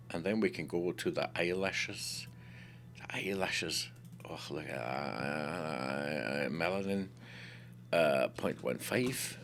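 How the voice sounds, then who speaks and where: A man giving a casual screen-recorded software tutorial, excitable and talking to himself with playful swearing. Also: low-pitched, a little hiss or hum.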